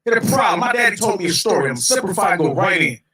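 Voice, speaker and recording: Heated guy yelling on a stream call, high bright voice, far off and echoey. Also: very animated, fast. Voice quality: loud, profane, builds to shouting. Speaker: caller confronting a streamer. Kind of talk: heated livestream argument. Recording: echoey, distant from the mic.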